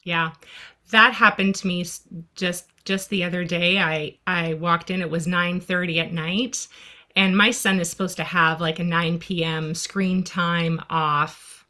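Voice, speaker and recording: Bright-voiced woman telling a story. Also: on the low side, steady tone, unhurried. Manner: chatty storytelling with many "like"s. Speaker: parent on a discussion panel. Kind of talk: casual discussion.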